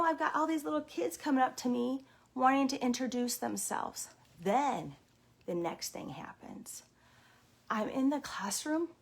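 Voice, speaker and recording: High, gravelly woman telling a story in character. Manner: animated, mock-stern, exclaims suddenly; repeats catchphrases while telling the story. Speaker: daycare owner vlogger.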